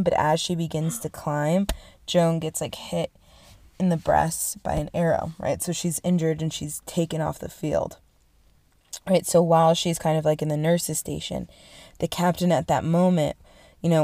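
Swearing freely and leaning on "like" and "right?", a young woman with a slightly low voice tells a history story with casual excitement. The sound is dry and close, without echo.

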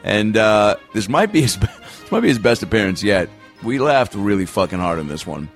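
A man's voice: on the low side, very animated, normal speed, soft background music. A man hosting a podcast, reading an ad and introducing the show in a hyped, loose and profane way. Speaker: podcast host. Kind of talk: casual ad read and show intro.

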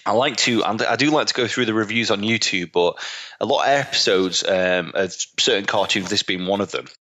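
A man's voice: lowish voice, expressive, brisk, bright, forceful tone. A man co-hosting a casual podcast, joking and swearing as he reads out viewer comments. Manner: jokey, reads comments aloud. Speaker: podcast co-host. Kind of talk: casual chat, laughing and swearing.

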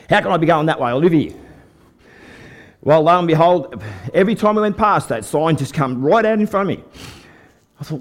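Older australian guy preaching, chatty folksy storytelling, kinda high pitched. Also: fairly quick. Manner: folksy storytelling, lively with the crowd. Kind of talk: testimony sermon.

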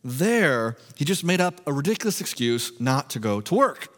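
A man preaching a sermon in a humorous, animated, self-mocking way. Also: a little high, moderate pace, big-room sound. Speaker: pastor.

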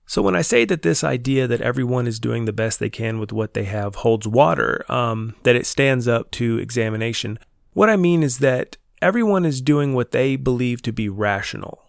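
A man hosts a solo podcast in a measured, earnest, reflective manner. His voice has a gravelly, fry-touched texture and sounds a little stuffy from a stomach bug. The sound is dry and close, with no room echo. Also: medium pitch, expressive. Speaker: podcast host and counselor.

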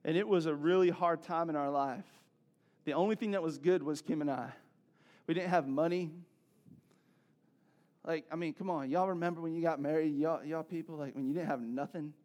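A man, preaching a sermon in a conversational, animated storytelling way with asides to the congregation. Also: fairly high pitch, moderate pace, muffled recording. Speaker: pastor.

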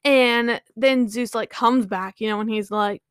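A woman's voice: on the high side, steady tone, a little slow, smooth, dry recording, studio quality. A woman casually retelling a myth to her viewers, rambling with lots of "like" and "you know".

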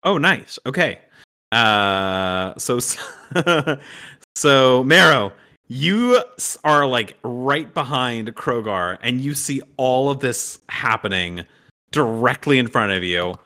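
A man runs a tabletop game at an unhurried pace, his voice bright and forward. He laughs easily and fills his descriptions with ums, likes and restarts. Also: medium pitch, lively intonation. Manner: laughs often, many fillers and restarts while describing. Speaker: game master.

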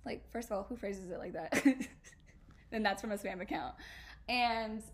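A woman's voice: mid-range voice, moderate pace. A young woman hosting a podcast, chatting confessionally in a casual, slangy way, laughing often and bursting into emphatic exclamations. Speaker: podcast host.

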